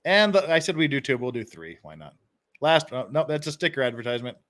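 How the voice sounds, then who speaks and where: A man's voice: mid-range voice, very animated, quick pace, a bit bright. A man hosting a casual live stream, reading phrases aloud and chuckling often.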